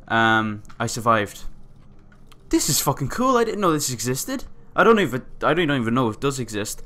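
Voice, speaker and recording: A man at an ordinary middle pitch narrating his own gameplay. He is excitable and swears often, reading the on-screen text aloud as he plays. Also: normal speed. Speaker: gamer playing a survival game. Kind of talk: let's-play commentary.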